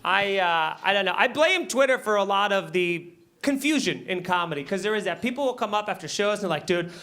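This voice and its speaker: In a small club, a man with a high voice talks a little fast through a brash, profane comedy set while the audience laughs. He chats with the crowd and acts out short scenes within his stories.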